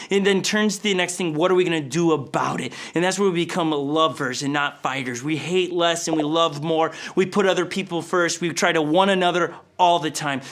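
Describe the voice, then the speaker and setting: A male pastor preaching a sermon in an animated storytelling manner. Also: high voice. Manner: animated, storytelling with acted voices.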